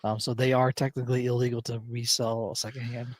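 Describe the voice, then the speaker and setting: An easygoing man co-hosting a podcast, laughing and dropping in short reactions as the talk goes on. His voice has an average pitch for a man. It is recorded close and dry. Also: little pitch movement, fairly quick, no room sound. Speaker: podcast co-host. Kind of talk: casual chat.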